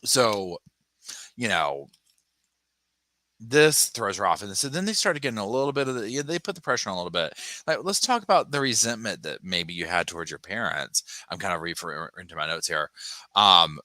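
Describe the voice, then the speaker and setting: This is a man hosting a casual true-crime livestream. His voice sits low but swings widely in pitch, and it has a bright, forceful edge. The sound is close and dry, and he talks in an animated, sassy way, breaking off to read viewer comments aloud. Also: moderate pace, dry recording. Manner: animated, sassy, mimics people in exaggerated voices; reads viewer chat aloud and thanks supporters.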